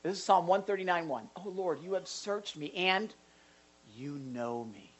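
Pastor, live sermon in a church hall, animated and excitable, chatty asides. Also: medium pitch, normal speed. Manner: animated, gets excited and louder; jokey asides to the congregation.

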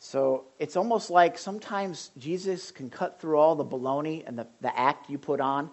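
A man's voice: fairly high pitch, moderate pace. Impassioned male pastor preaching. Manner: impassioned, emphatic and repetitive. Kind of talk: sermon.

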